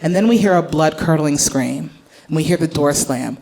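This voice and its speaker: A woman's voice: deep voice, normal speed, vocal fry. A woman doing stand-up on a club stage into a handheld mic, telling a story with lots of acted-out voices and her own laughter. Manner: animated, acts out voices, laughs at own jokes. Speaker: stand-up comedian. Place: comedy club stage before a live audience.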